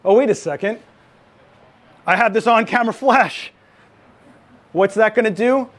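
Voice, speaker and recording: A man running a live photography lighting demo, chatty and joking, with quick asides. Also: high-pitched. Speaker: photography instructor.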